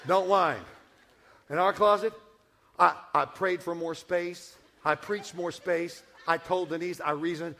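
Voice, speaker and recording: Middle-aged male pastor, slightly high gravelly voice, humorous folksy sermon delivery. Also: slight background noise. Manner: folksy, humorous, swings from hushed to loud.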